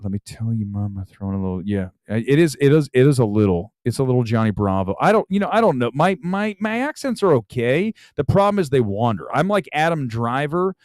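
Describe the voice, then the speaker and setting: A man's voice: mid-range voice, sing-song, brisk, hardly any pauses, dry recording. A man hosting a movie talk live stream, chatting casually and rambling with frequent restarts. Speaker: movie talk show host.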